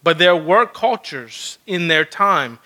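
A man's voice: on the high side, lively intonation, slow pace, sharp tone. A man preaching a sermon, acting out quoted lines as he teaches. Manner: preaching, acts out God's words in quoted asides. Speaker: pastor.

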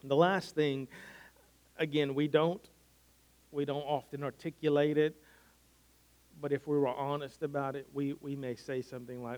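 Male pastor, slightly higher voice, earnest conversational sermon delivery. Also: level tone, a little slow. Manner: earnest, conversational preaching with frequent restarts.

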